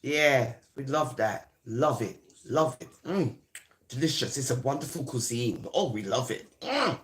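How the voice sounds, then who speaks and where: In a sing-song comic monologue, this Jamaican speaker teases and taunts, stretching words out long. The voice sits mid-range and has lively intonation.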